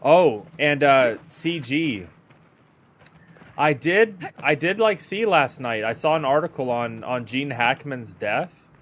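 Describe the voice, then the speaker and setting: A man's voice: medium pitch, animated, slow pace, fairly bright tone. A man streaming a game, chatting casually with viewers in an easygoing way and often repeating words as he thinks. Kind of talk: casual live-stream chat while gaming.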